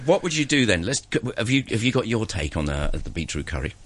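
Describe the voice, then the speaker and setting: A man's voice: lowish voice, sing-song, quick pace, a bit bright, slight background noise. A man hosting a casual radio chat, teasing his guest and steering the conversation back on track. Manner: teasing, jokey interviewer who steers the talk. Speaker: radio host.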